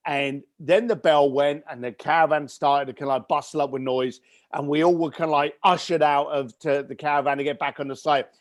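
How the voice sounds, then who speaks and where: A man with a high, light speaking voice tells a story with real energy, acting out his family's lines as he goes. The sound is close and dry, with no room in it. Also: brisk, no room sound. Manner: animated storyteller who acts out family dialogue. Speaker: podcast guest. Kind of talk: storytelling interview.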